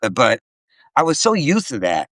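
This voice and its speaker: A middle-aged man spinning stories on a live video call, his pitch leaping up and down as he acts out each scene. He swears freely and talks casually, his voice sounding close and dry with no room around it. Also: normal speed, no room sound. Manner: animated, profane storyteller acting out quotes. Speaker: live stream host. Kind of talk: casual storytelling chat.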